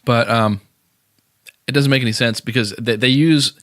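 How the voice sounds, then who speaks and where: A man's voice: medium pitch, steady tone, normal speed, a bit bright, no room sound, studio quality. A man hosting a podcast in casual, opinionated chat, blunt and sarcastic, with many fillers and restarts. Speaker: podcast host.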